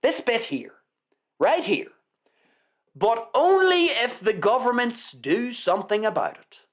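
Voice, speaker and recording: Man, live show host, sarcastic news reading, mock-reverent repetition, slow and drawn out. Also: very high voice, big pitch swings. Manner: sarcastic, mock-reverent, repeats lines for effect. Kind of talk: live news commentary, reading an article aloud.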